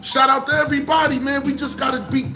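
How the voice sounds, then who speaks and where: A man with a Brooklyn accent talking casually to camera, animated, full of street slang and repeated shout-outs. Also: very high-pitched, quick pace, over music. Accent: New York, Brooklyn. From Brooklyn, New York. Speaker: vlogger. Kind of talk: casual direct-to-camera monologue.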